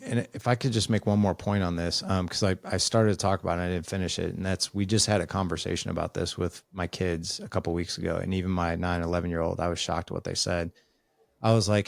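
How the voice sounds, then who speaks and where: Low-voiced middle-aged man telling family stories. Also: gravelly, dry recording. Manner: storytelling, acts out family dialogue. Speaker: guest, author and father. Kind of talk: conversational podcast interview.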